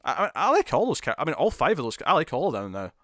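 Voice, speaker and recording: Animated male podcast co-host. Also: fairly high pitch, no room sound, studio quality. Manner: animated, laughing, quick retelling with acted quotes. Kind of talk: casual chat about TV episodes.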